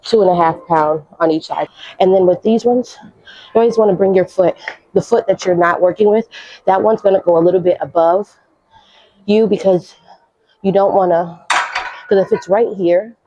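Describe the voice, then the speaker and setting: A woman's voice: on the low side, moderate pace, pauses often, mellow, no room sound. Young woman fitness vlogger, slangy, out of breath, dull lo-fi. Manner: chatty, coaching, slangy. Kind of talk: casual workout instruction.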